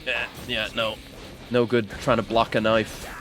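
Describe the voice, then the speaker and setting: A man talks through a video game in a slow, easygoing let's-play manner. When the game catches him off guard he jumps into yelps and cursing. Soft background music plays faintly behind his desk-mic voice. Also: fairly low pitch. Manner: excitable, yelps and swears at the game. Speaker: gaming streamer. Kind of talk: casual let's-play commentary.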